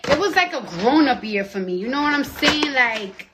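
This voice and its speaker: A young woman chatting on a phone live stream at home, profane and rambling, swinging from loud outbursts to hushed whispers. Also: high-pitched, lively intonation, normal speed, background noise. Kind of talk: casual live-stream chat.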